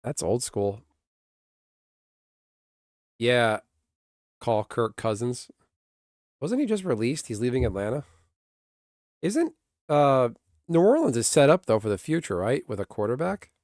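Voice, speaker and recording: A man's voice: medium pitch, big pitch swings, a little slow, long pauses, a little mellow, no room sound, clean studio sound. A man streaming and chatting casually with viewers in a rambling way, often laughing. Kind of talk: casual livestream chat.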